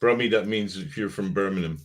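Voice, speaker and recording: A man's voice: deep voice, a little fast. Hesitant man co-hosting a chat. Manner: hesitant, repeats words. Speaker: podcast co-host. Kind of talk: casual chat.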